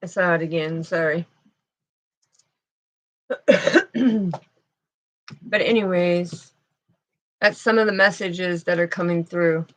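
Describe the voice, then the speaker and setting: A woman giving a spiritual channeling reading, tearful and halting, speaking slowly with sadness in her voice. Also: on the low side, fairly bright tone. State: tearful, sad voice. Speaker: intuitive tarot reader.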